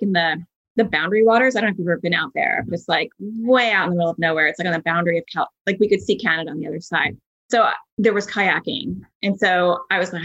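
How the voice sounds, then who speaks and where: A husky-voiced woman in her thirties hosts a podcast. She tells stories casually and chattily, full of fillers and asides. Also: lowish voice, lo-fi sound. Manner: chatty, animated storyteller with many fillers. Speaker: podcast host. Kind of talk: casual conversational storytelling.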